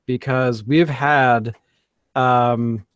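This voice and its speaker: A man's voice: mid-range voice, steady tone, drawn-out words, fairly bright tone, clean tone, no echo. A man co-hosting a casual beer podcast, rambling with many fillers and restarts. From Canada. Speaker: podcast co-host. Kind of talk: casual chat.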